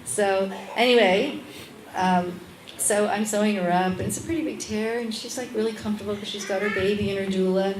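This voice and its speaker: Animated woman midwife telling a story. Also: mid-range voice, fairly quick, roomy sound, distant mic, slight background noise, low-quality recording. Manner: animated, acts out the voices in her stories. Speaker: midwife, interview guest. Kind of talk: lively anecdotal storytelling. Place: restaurant at a lunchtime public talk.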